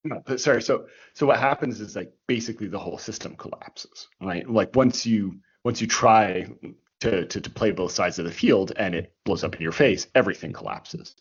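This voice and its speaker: A man's voice: lowish voice, moderate pace, slightly rough. A man co-hosting a history podcast, explaining in casual chat, restarting often and tagging his points with "right?". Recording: dull lo-fi recording.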